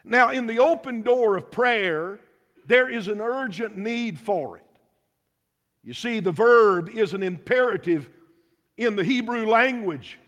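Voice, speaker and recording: A man's voice: sits high, lively intonation, measured pace, a bit bright, lo-fi sound. A man preaching a sermon as pastor, emphatic and full of rhetorical questions, in a church. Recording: long hall reverb.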